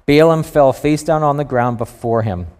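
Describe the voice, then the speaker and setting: A man preaching a sermon to a congregation, telling a Bible story in a lively, storytelling way with playful asides. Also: fairly high pitch, normal speed, clean tone. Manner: storytelling, animated with voiced asides.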